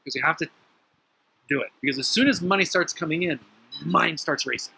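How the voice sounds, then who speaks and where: Bright-voiced man giving a motivational talk. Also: fairly high pitch, a little fast, creaky, a little hiss or hum, low-quality recording. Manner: storytelling, emphatic with sudden lively jumps. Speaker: spiritual teacher.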